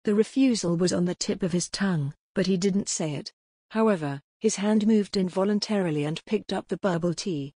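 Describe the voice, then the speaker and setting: A woman narrating an audiobook in an even, steady storytelling manner. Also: medium pitch, normal speed, husky, no echo, clean studio sound.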